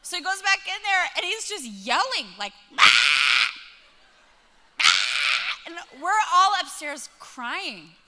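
A woman in her thirties preaching a sermon, telling a family story and acting out the dialogue in an animated way. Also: extremely high pitch, measured pace, few pauses, heavy background noise. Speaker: pastor. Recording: long reverb of a large hall.

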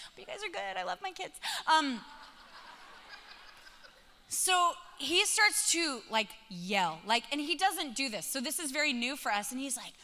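A pastor in her thirties preaches a sermon built around a personal story, her high voice piercingly bright and her pace normal. She narrates with animation and acts out every line of dialogue, her words carrying the long reverb of a large hall.

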